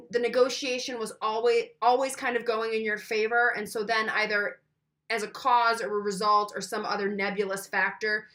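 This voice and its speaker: An instructor gives a recorded lecture in a bright, forward, mid-range voice. Loose and chatty, she speaks straight to the listener, throwing in questions and demonstrating changes in her voice as she goes.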